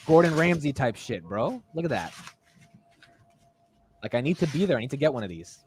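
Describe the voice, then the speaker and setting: A young man hosting a finance livestream, talking in an excitable, rambling way and calling his viewers bro and dude. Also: mid-range voice, moderate pace, slight background noise. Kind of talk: casual live-stream chat.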